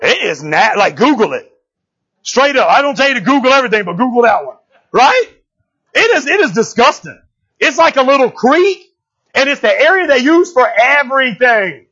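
A man preaching in a church, driving his sermon with call-and-response and a steady "right?" to the room. His voice sits high and husky. The recording sounds a little dull and muffled. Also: moderate pace. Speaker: pastor. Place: church sanctuary.

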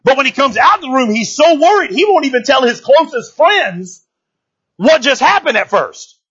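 A man's voice: very high voice, very animated, moderate pace, a bit bright, slightly rough. A man preaching through a Bible passage, retelling the story in slangy, joking asides. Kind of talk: casual sermon storytelling. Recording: dull lo-fi recording.

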